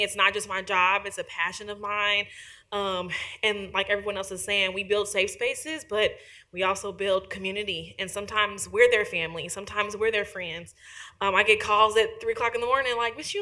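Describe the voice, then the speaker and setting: A woman with a bright, clear voice speaks at a podium microphone in a meeting room. She is an emotional and emphatic youth advocate who leans into her words and sometimes acts out quotes in a lively way. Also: medium pitch. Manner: warm, emotional and emphatic, with animated quoting. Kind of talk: public comment at a county meeting. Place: county commission meeting room.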